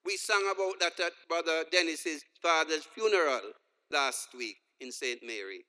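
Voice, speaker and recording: A man's voice: fairly high pitch, moderate pace, bright, forceful tone. A man preaching a sermon, telling humorous stories and acting out the dialogue. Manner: storytelling with jokes, acting out dialogue. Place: church hall. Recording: long reverb of a large hall.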